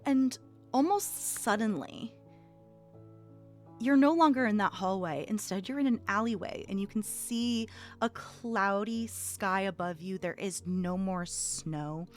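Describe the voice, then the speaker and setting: A woman game master describing scenes in a tabletop role-playing game in a relaxed, descriptive way with many fillers. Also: mid-range voice, measured pace, soft background music.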